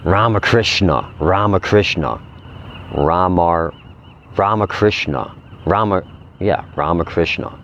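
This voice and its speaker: Low-voiced man musing on quotes. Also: animated, highs cut off, slight background noise. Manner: slow, emphatic repetition of key phrases. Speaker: vlogger. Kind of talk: reading quotes aloud with casual commentary.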